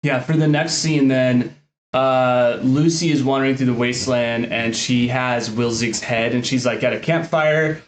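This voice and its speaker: A man's voice: mid-range voice, fairly even intonation, a little slow. Easygoing man recapping in an echoey room. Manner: easygoing, recaps scenes with fillers. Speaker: podcast co-host. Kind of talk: casual podcast chat.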